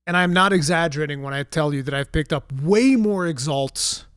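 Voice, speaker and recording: A man chatting casually on a game stream, animated and swearing freely, talking into a desk mic. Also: fairly high pitch, normal speed, clear, resonant tone, dry recording, clean studio sound. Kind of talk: casual live-stream chat.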